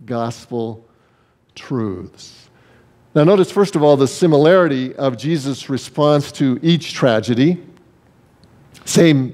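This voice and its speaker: A man's voice: mid-range voice, darkish tone. A male pastor preaching a sermon, emphatic, with repeated phrases for weight.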